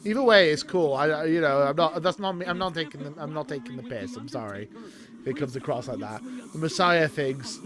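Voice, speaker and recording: A young Welshman rambling excitably in casual live commentary as he watches a wrestling show. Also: a little high, a little fast. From Wales. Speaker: streamer.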